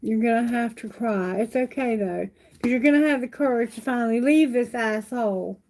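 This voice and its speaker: A woman's voice: on the high side, normal speed, a little mellow, low-quality recording. A woman giving a live tarot reading, soothing and repeating reassurances to her viewers. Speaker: tarot reader.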